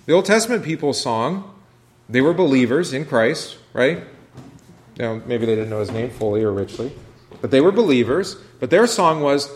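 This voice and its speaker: A man's voice: medium pitch, animated, moderate pace, a little hiss or hum. A man, a pastor, teaching a Bible study class in a conversational way and asking the group questions. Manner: conversational, asks questions, many restarts.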